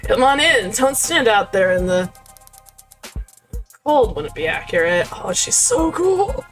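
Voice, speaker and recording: A laid-back female medical examiner in a story game, drawling in a chill stoner voice, as a woman puts her on. The voice sits a little high and unhurried. Faint music plays underneath. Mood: mellow. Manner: relaxed, drawling, casual.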